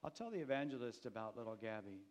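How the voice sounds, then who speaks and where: A man voicing a gruff, stern male farmer who turns kindly, in a read-aloud storybook. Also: fairly low pitch, animated, fast, darkish tone, close to an everyday voice. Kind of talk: storybook reading.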